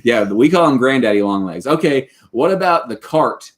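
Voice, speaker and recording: With a medium-pitched, animated voice at normal speed, a Southern-accented man in his thirties from Western Kentucky hosts a casual livestream. He rambles and leans on lots of fillers.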